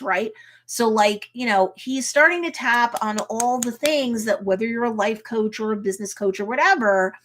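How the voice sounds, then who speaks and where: A woman attorney chatting casually as she reacts to and retells a TV episode, often tagging her points with "right?" and "like". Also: mid-range voice. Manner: chatty, retells scenes, tags lines with "right?" and "like".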